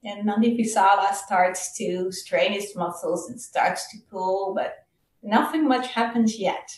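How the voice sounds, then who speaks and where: Woman giving a Dhamma talk, casual storytelling, mid-pitched, roomy echo, mic far off. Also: slight background noise. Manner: casual, halting, many fillers. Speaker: Dhamma speaker.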